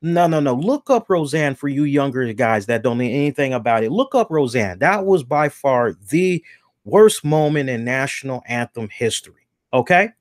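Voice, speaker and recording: A man's voice: medium pitch, lively intonation, moderate pace, dry recording, studio quality. A man hosting a casual commentary show, talking bluntly and animatedly and swearing freely, hiccuping a little after some beer. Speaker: podcast host.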